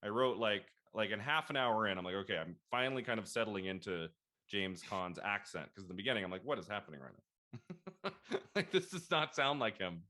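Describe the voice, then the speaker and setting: A man in his thirties hosting a casual film discussion, chatty and animated, laughing often as he quotes his own reactions. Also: on the low side, fairly quick. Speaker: podcast host.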